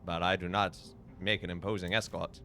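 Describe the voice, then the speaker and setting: A man voicing a repentant old miser with a lowered, gruff and formal delivery while reading a video game aloud. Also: little pitch movement, fairly quick, bright, forceful tone. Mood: formal contrite.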